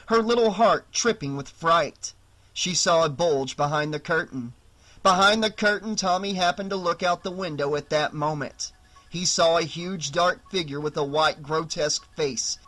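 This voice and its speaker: Man, audiobook narration, measured, dramatic, bright tone. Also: a little high. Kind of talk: scripted narration.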